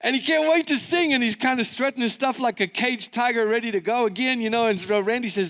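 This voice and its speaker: A man preaching at a marriage conference, telling a story and acting out the people in it with lively voices. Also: high voice, fairly quick, long reverb tail. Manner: animated, acting out quoted voices. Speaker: pastor. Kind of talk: sermon storytelling. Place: church hall.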